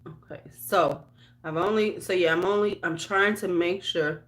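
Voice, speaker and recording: A woman's voice: lowish voice, fairly even intonation, unhurried, fairly bright tone. A woman with a Chicago accent, a beauty vlogger in casual livestream chat, rambling with lots of fillers and restarts and greeting viewers by name. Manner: talks to viewers by name while getting ready.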